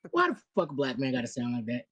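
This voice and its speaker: A man's voice: mid-range voice, fast talker, fairly bright tone, slightly rough. A man co-hosting a podcast, tossing in profane remarks in casual chat. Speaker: podcast co-host.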